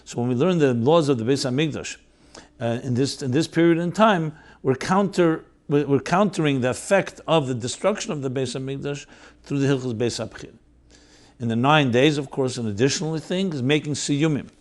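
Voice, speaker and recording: A man's voice: mid-range voice, a little fast. A man hosting and teaching, giving an earnest, explanatory religious lecture that mixes in Hebrew terms and explains each one. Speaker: host and teacher of Chassidic thought.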